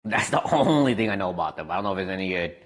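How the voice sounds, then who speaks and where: Laid-back young man streaming, lively pitch. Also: racing. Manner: laid-back, rambling, answers chat messages aloud. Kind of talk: casual live-stream chat.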